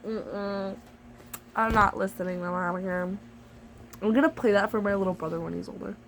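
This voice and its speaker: A woman's voice: mid-range voice, fairly even intonation, quick pace, a little hiss or hum, poor audio. A woman vlogger in casual chat to camera, chatty, jokey and playfully dramatic as she reviews a storybook device.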